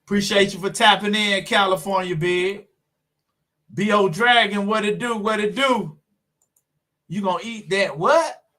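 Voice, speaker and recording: A man's voice: sits high, a little slow, bright, forceful tone. A man hosting a live car stream, chatting casually with viewers in a laid-back way. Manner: laid-back, talks to viewers, fills with "man" and "you know what I'm saying".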